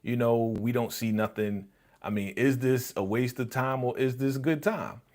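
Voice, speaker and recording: A man's voice: mid-range voice, moderate pace, darkish tone. A man hosting a live-stream reaction show, recapping an episode and reading chat in a laid-back way full of fillers.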